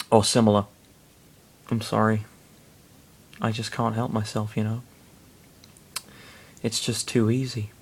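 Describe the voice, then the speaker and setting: A man's voice: fairly low pitch, fairly bright tone. A man reading fan fiction aloud, breaking off into self-deprecating, apologetic asides. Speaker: reader, narrator.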